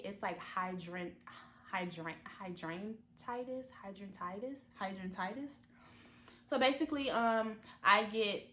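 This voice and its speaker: Bright-voiced young woman, close to tears. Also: mid-range voice, echoey room. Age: 20s. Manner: candid, emotional, halting with many fillers. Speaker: vlogger. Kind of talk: personal confessional vlog.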